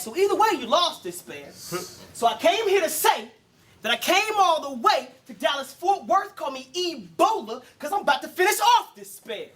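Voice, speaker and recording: A man's voice: extremely high pitch, a bit bright. A man performing Christian battle rap live before an audience, with a rhythmic, preachy, punchline-driven delivery. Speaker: battle rapper.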